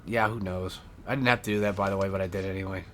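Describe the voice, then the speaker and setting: A man's voice: deep voice, steady tone, fast talker, a bit bright, a little hiss or hum. A man giving rambling, casual gameplay commentary as a let's player, swearing often and correcting himself as he goes. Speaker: let's play gamer.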